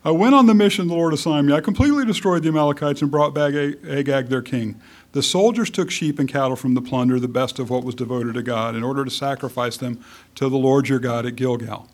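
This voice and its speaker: A man's voice: mid-range voice, quick pace, natural voice. A man voicing a whiny, defensive king of old, making excuses as a grown man caught out.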